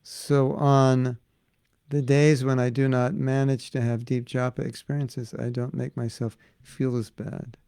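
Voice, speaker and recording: An older man leads a relaxed devotional class in a gravelly voice. He talks casually, fields questions and now and then slips into chanted prayers. The sound is dry and close to the mic. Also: medium pitch, unhurried, no echo. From United States. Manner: chatty, answers questions from the audience. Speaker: spiritual teacher.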